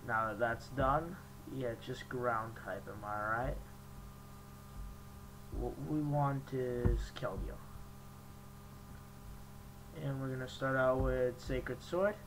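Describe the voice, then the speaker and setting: A young man hosting his gaming channel, chatting casually and jokingly, reacting out loud as he plays an online battle at his computer. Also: medium pitch, steady tone, slow, long pauses, background noise. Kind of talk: casual game commentary.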